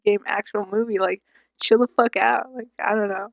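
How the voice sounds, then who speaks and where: A woman's voice: mid-range voice, steady tone, fairly quick, vocal fry, lo-fi sound. A young woman co-hosting a podcast, blunt and teasing, swearing freely as she chats. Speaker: podcast co-host. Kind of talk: casual podcast chat.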